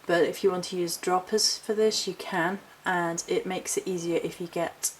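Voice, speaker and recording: A woman with a slightly low voice chats through a haul vlog, rambling and correcting herself. Her talk is casual and unscripted. A faint hiss sits under the recording. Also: fairly even intonation, normal speed, low-quality recording. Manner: chatty, rambling, self-correcting. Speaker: witchcraft vlogger.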